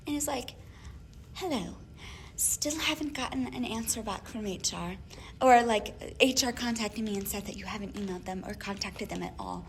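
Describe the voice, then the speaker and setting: A young woman co-hosting a casual chat podcast, telling an animated story with lots of laughs and acted-out emails. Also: mid-range voice, a little hiss or hum. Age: young adult. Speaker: podcast co-host.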